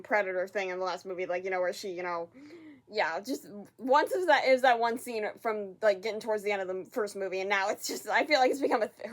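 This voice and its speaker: A woman hosting a casual reaction vlog, excitable and giggly, often repeating herself in quick bursts. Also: mid-range voice. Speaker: reaction video host.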